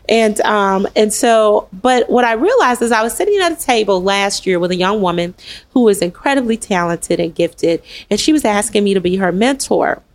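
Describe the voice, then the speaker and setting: Earnest woman hosting a panel. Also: medium pitch. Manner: earnest and animated, with quick asides and laughs. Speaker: host and summit founder. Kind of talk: candid panel conversation.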